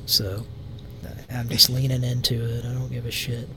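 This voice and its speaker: A Southern US man chats in a rambling way on a live prank call show, full of fillers and casual swearing. His pitch stays flat and level. A steady rumble of noise sits under the recording. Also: normal speed. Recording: noisy background rumble.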